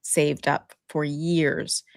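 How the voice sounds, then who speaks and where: A young woman co-hosting a podcast over a video call, reacting playfully with quick laughs in casual chat. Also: low-pitched, level tone, no room sound, clean studio sound. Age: young adult.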